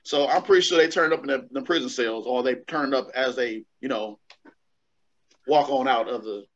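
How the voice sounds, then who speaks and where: A man's voice: medium pitch, normal speed, a bit bright. A man, co-hosting a casual chat show in a laid-back, drawling way. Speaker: podcast co-host. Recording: dull lo-fi sound.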